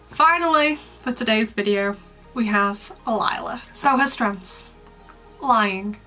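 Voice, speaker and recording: A woman's voice: fairly high pitch, pushed and bright. A young woman hosting a casual commentary vlog, chatty and dramatic with a playfully mean streak. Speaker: YouTuber, host.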